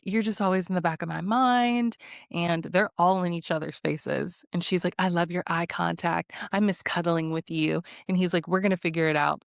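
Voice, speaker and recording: A woman with a fairly low voice recaps a reality show in a casual, sassy way. She laughs often and throws in mocking asides. The close, dry sound has no room echo. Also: creaky. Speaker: recap host.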